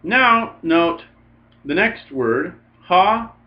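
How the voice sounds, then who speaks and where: A man's voice: high-pitched, lively intonation, very slow. A male teacher giving a recorded grammar lecture, patiently drilling word forms aloud in lists. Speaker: Greek teacher. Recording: slightly dull lo-fi recording.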